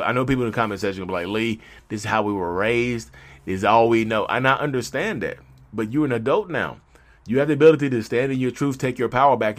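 A man talking straight to camera about saying no, animated and preachy, in slangy talk that keeps jumping into little acted-out skits. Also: medium pitch. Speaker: mental health vlogger. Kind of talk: casual direct-to-camera monologue.

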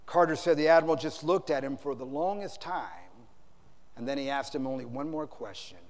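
A male pastor preaching a sermon at a conference, telling stories dramatically and swinging between loud and hushed. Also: medium pitch, normal speed. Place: large conference hall. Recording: reverberant large hall.

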